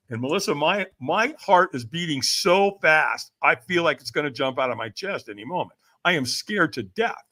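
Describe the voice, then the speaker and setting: A man's voice: on the high side, sharp tone. A middle-aged man telling a personal story as a podcast guest, acting out the other voices with big swings. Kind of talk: animated storytelling.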